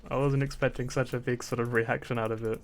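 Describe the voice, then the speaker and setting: A young man from Britain chats on a stream at a middle pitch. He rambles along, stumbling over repeated words and breaking into laughter. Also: little pitch movement, fast, slight background noise. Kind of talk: casual chat.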